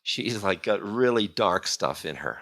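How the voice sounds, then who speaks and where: A man retells an old tale to a live group in a relaxed, rambling way. His voice sits a little low but rings bright, and he breaks off into chuckling asides. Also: measured pace. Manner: casual, meandering, chuckling asides. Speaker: spiritual teacher. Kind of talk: storytelling lecture.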